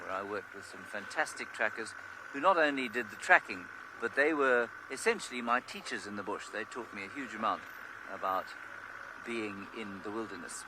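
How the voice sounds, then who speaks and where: A man working as a safari guide, giving relaxed, chatty commentary from an open vehicle on a live game drive. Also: lowish voice, moderate pace. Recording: outdoor mic with clear background noise.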